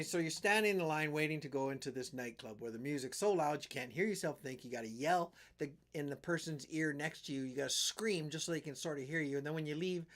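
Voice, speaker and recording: Rambling, animated middle-aged storyteller man. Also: fairly high pitch. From western Canada. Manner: rambling, animated storyteller who acts out quotes. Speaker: live stream host. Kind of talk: casual storytelling on a live stream.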